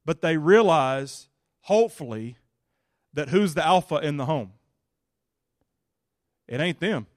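Man, pastor, sermon, folksy, animated, high-pitched, dry sound. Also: slow pace, long pauses, dry recording.

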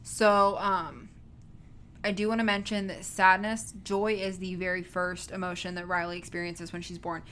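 A woman's voice: on the low side, little pitch movement, normal speed, a bit bright, a little hiss or hum. A woman in casual conversation, explaining a film's ideas in a chatty way. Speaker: co-host discussing a film. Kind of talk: casual chat.

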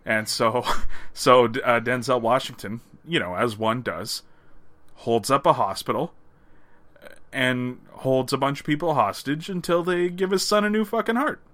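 Casual podcast co-host: Canadian man, bright forceful voice, jokey, swears freely. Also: medium pitch. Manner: laughing, swearing, quick asides. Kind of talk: casual movie ranking chat.

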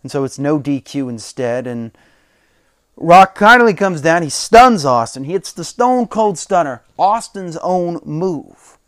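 A man hosting a podcast, recapping old wrestling shows in a casual, chatty way, laughing often and quoting wrestlers in animated bursts. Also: on the high side, measured pace, no echo, clean studio sound. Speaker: podcast host.

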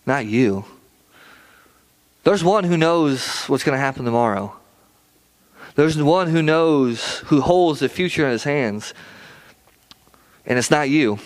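A man preaching a sermon in an earnest, repetitive way, often stumbling and restarting his words. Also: medium pitch. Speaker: pastor.

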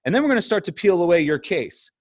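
A middle-aged man, a podcast guest, telling stories in a casual conversation, animated and laughing often. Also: sits high, fast, dry recording, studio quality.

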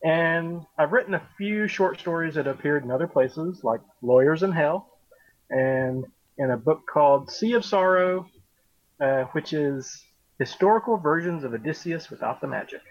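A man's voice: a little high, normal speed, no echo. Southern man on a muffled line. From American South. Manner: relaxed, rambling with fillers. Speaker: author guest. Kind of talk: casual interview talk. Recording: dull lo-fi remote audio.

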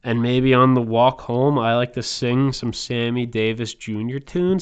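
A man's voice: mid-range voice, a little slow, hardly any pauses, clear, resonant tone, highs cut off. A man hosting a podcast, delivering a rambling, crude and provocative comedic monologue. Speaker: podcast host.

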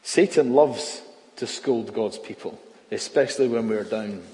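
A man preaching a sermon in a church, earnest, swinging from loud emphasis to near-hushed words. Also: fairly low pitch, measured pace. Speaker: pastor. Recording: long reverb of a church hall.

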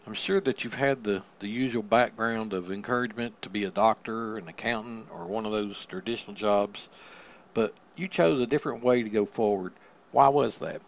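Low-voiced male interviewer, dull lo-fi sound. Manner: long, measured, wordy questions. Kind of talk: interview questions. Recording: dull lo-fi with faint background noise.

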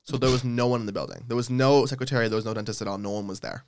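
A man's voice: medium pitch, fairly even intonation, racing, clean tone. A young man co-hosting a podcast, teasing his friend bluntly in a casual chat. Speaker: podcast co-host.

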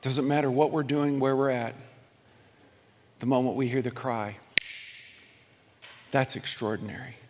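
A middle-aged man preaching a sermon, telling stories in a conversational, animated way with chuckles and restarts. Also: mid-range voice, a little slow, long pauses, big-room sound, background noise. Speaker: pastor.

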